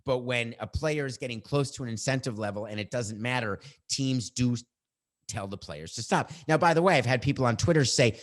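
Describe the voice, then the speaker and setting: A man's voice: mid-range voice, fairly quick. Middle-aged guy ranting on his sports podcast, fired up and teasing his producer. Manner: animated, combative, bantering with his producer. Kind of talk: opinionated sports talk.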